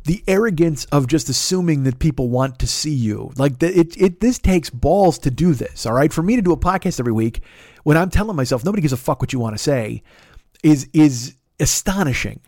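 A high-pitched man rants on his podcast, swearing freely and mocking people with put-on voices. His voice is recorded close and dry, with no room sound around it. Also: expressive, fairly quick, darkish tone, no room sound. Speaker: podcast host. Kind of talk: profane comedic rant.

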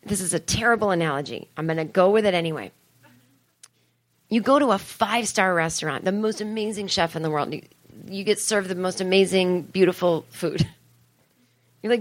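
A woman's voice: mid-range voice, a little fast. A woman comedian talking to a live crowd on a club stage, rambling and acting out the people she quotes. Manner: rambling, acts out quoted voices. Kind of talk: live stand-up crowd talk.

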